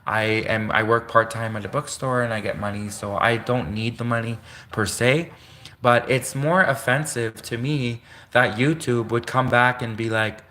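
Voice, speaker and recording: Young Canadian male vlogger, mid-range pitch, sarcastic indignant monologue. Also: sharp tone. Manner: indignant, sarcastic, repetitive ranting. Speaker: channel host. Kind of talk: ranting vlog monologue.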